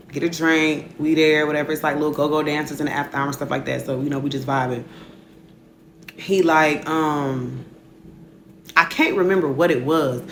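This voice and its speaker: Gravelly young woman telling a storytime. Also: deep voice, a bit bright, slight background noise. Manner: slangy, fills speech with "like" and "whatever". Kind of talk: casual storytime.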